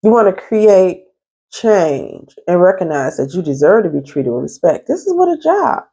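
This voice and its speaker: A woman's voice: on the low side, very animated, moderate pace, mellow, slightly rough. A woman who works as a therapist and life coach, talking straight to her viewers at home in a stern, emphatic way. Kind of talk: casual advice vlog. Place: at home in an apartment.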